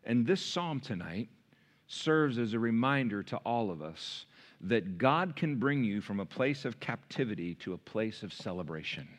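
A man's voice: lowish voice, big pitch swings, normal speed. Man preaching a sermon. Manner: preaching with rising emphasis and repetition. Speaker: pastor.

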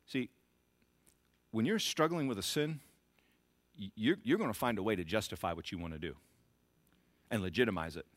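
A man preaching a sermon as pastor, emphatic and repetitive, rising to shouted bursts. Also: fairly low pitch, lively intonation, normal speed, long pauses, no room sound.

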